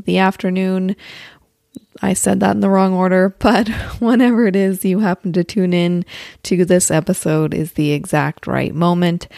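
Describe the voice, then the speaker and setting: Female host, easygoing monologue, fry in a lowish voice. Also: darkish tone, no echo, studio quality. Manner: chatty, laughs often, self-correcting. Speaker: podcast host. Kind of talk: casual spiritual monologue. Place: outdoors or near open window with birds.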